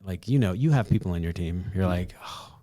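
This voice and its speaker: A man's voice: low voice, animated, fast talker, dark tone, dry recording. A man hosting a casual conversation, reflective and affirming, often checking in with "right?". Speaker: host.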